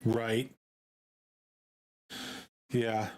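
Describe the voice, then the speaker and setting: A man streaming, talking in a casual, halting way with many fillers and repeated words. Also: medium pitch, little pitch movement, a little mellow. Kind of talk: casual live-stream chat.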